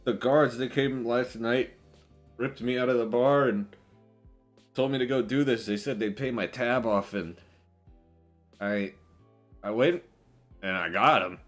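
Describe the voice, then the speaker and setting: A man's voice: mid-range voice, soft background music, pitched above the performer's own voice, close to an everyday voice. A man voicing a drunk, wounded male middleman who rambles and halts as he talks, with a raised voice. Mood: rambling. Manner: rambling, slurred, halting.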